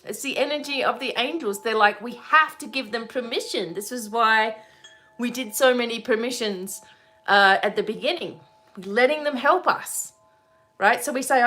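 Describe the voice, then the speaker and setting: Woman, bright and fairly high voice, casual and animated spiritual host, laughs often and keeps asking "right?". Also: normal speed, faint music behind. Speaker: spiritual teacher hosting a webinar. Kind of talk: casual teaching talk.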